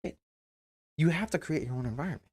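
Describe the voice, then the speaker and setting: A man's voice: fairly high pitch, expressive, quick pace, darkish tone, breathy edge. A man streamer giving casual, emphatic advice, repeating himself and acting out quoted remarks. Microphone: webcam mic.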